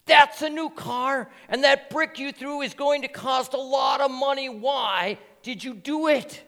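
Man doing furious young executive, shouting, high-pitched, long hall echo. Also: measured pace, gravelly, full character voice.

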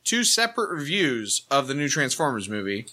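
A man's voice: mid-range voice, sing-song, moderate pace, sharp tone. A man co-hosting a podcast, rambling with self-deprecating asides while plugging his projects. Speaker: podcast co-host. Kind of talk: casual podcast chat.

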